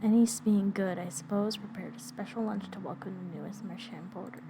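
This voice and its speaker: A woman's voice: medium pitch, steady tone, fairly quick. A young woman streamer reading a visual novel's text aloud and dropping casual asides between the lines. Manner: reads game dialogue aloud, breaking off for offhand asides. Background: game music.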